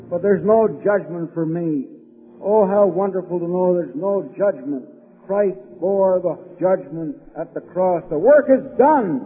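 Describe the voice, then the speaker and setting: A man preaching a fervent evangelistic sermon to a room, slowing down and stressing key words. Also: sits high, slightly rough. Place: hall with an audience. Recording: phone-like old recording in a long-reverb hall.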